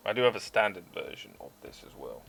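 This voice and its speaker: A man's voice: lowish voice, sing-song, quick pace, gravelly, fairly bright tone. A man hosting a live stream, chatting casually and answering viewer questions.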